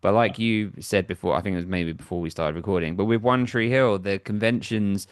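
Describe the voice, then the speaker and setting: A man's voice: deep voice, brisk, no room sound, studio quality. A man hosting a podcast interview, talking casually and eagerly like a fan. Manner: enthusiastic, fan-like. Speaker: podcast host.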